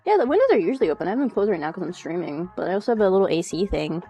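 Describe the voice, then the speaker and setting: A young woman streaming from home in casual chat, animated, swearing a lot and laughing often as she reacts to chat. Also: lowish voice, rapid-fire, breathy edge. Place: home room.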